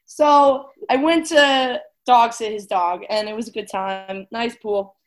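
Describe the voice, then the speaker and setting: Giggly twenty-something woman on a chatty podcast, kinda high voice, says like a lot. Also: steady tone, measured pace. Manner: bubbly, giggly, peppered with "like". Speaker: podcast co-host. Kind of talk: casual chat.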